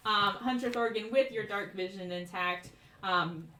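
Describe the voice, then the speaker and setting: A woman's voice: mid-range voice, unhurried, background noise. A woman narrating a tabletop game as dungeon master, rambling with lots of fillers. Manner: rambling, filler-heavy description. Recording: echoey room, mic at a distance.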